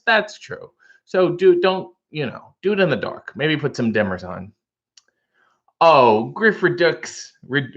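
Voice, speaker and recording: A man's voice: fairly high pitch, a bit bright, lo-fi sound. A man hosting a casual live stream, reading out viewer comments and answering them with wry, joking asides.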